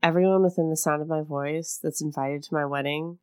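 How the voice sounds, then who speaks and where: A woman's voice: sits low, fairly even intonation, brisk, darkish tone, clean tone, dry recording, clean studio sound. A woman co-hosting a podcast, chatting casually in a wry, exasperated way and swearing now and then. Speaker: podcast co-host. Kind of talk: casual chat.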